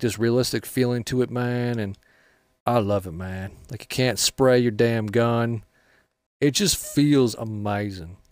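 A man's voice: mid-range voice, a little mellow, no room sound, studio quality. Rambling, swearing man playing a shooter. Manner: rambling, swears a lot, ends lines with "man". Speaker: gaming channel host. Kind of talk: casual gameplay commentary.

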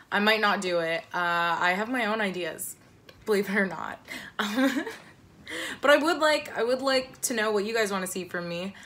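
Bright-voiced woman rambling a storytime. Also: mid-range voice. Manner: rambling, filler-heavy, self-deprecating. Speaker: vlogger. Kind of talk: casual storytime.

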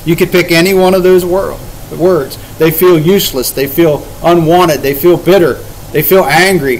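High-voiced man teaching a Bible study. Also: a little hiss or hum, poor audio. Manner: conversational, emphatic, paraphrasing scripture in plain words.

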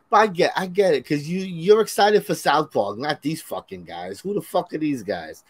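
A man co-hosting a podcast, bouncing quick reactions and casual swearing off his partner in casual chat. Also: fairly high pitch, animated, slightly rough, no room sound. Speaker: podcast co-host. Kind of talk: casual pop culture chat.

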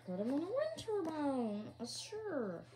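A performer voicing Yoshi, a small dinosaur creature, hosting a reaction video and groaning and pleading at each clip, with a slightly rough morning throat. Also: high-pitched, huge pitch swings, a little slow, very noisy, full character voice. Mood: dismayed. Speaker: reaction channel host.

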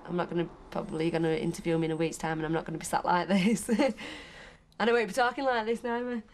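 A woman's voice: lowish voice, steady tone, quick pace. Plain-spoken, laughing young-sounding woman. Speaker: reality show participant. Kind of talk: casual chat.

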